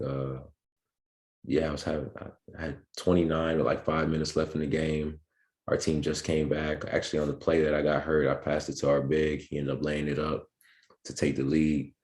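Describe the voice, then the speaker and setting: A man's voice: rumbling low, darkish tone. A young man, a pro basketball player, tells his story as a podcast guest in a laid-back way, with many ums and restarts. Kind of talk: casual interview storytelling.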